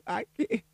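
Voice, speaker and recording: Animated, profane man riffing solo. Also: very high-pitched, slightly rough, no echo. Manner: loud, profane, animated riffing with laughs and asides; reads news out loud haltingly. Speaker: commentator. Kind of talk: casual profane commentary monologue.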